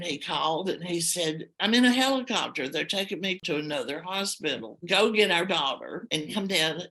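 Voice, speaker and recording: An older woman telling a personal story in a heartfelt, halting, emotional way. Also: low-pitched, sharp tone, low-quality recording. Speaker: storyteller guest.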